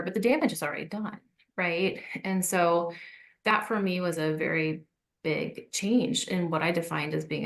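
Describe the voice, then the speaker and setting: A woman's voice: lowish voice, gravelly, a bit bright. A woman in her forties, a physician and podcast guest, telling a personal story in a reflective, conversational way.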